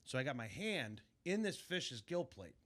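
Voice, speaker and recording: Man, young to middle-aged fishing guide; storytelling podcast guest, lively, bright and dry. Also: mid-range voice, moderate pace, no room sound. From Illinois. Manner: animated, acts out shouted quotes. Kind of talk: casual storytelling.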